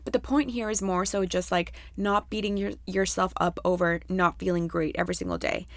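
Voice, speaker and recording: A woman's voice: fairly low pitch, fairly even intonation, brisk, dry recording. A young woman hosting a podcast solo, talking casually and candidly with lots of fillers and swearing. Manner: chatty, candid, swears freely, many fillers. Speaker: podcast host.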